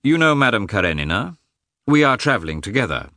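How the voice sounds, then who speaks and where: A man voicing Vronsky, a proud Russian officer who speaks in a measured, cool, courteous way. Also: on the low side, very animated, pushed and bright, no room sound, studio quality, voice pushed up, full character voice. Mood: friendly.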